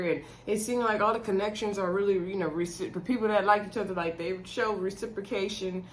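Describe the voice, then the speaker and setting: A woman's voice: mid-range voice, brisk, hardly any pauses, slight background noise. A woman recapping a reality show episode in a chatty, sassy way, talking straight to her viewers and laughing between remarks. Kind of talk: casual episode recap commentary.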